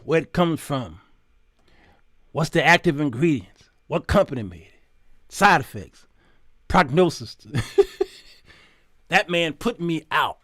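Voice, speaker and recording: A middle-aged man hosting his show, telling stories in a preachy, animated sermon style and quoting God in a stern voice. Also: a little high, slow, long pauses, no echo, clean studio sound. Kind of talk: sermon-like storytelling monologue.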